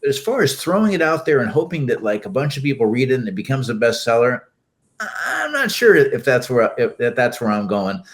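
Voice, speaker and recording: A man's voice: mid-range voice, sing-song, brisk. An older man, a guest in an interview, talking casually with many restarts and fillers.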